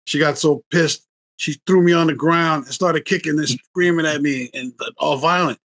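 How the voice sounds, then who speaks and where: A man's voice: on the high side, moderate pace. A man in his sixties, a relationship coach, telling family stories in a casual interview and acting out quotes with a raised voice. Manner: animated, acts out quotes in a raised voice.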